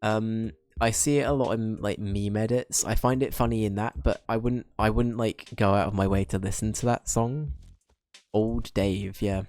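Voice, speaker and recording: A man's voice: on the low side, fairly even intonation, normal speed, darkish tone, soft background music. A young man streaming a game and chatting with viewers, rambling and self-mocking, often restarting his sentences. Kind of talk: casual chat while playing and reading chat.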